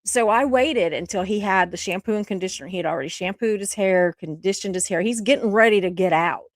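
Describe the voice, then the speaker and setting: A woman co-hosting a casual chat show, telling a story in a drawn-out, playful way and quoting people in a low voice. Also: dry recording. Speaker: co-host.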